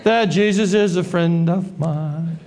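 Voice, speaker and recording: A man preaching a sermon, animated and joking, acting out the voices of the people in the story. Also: a little high, slow, a crowd in the background. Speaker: pastor.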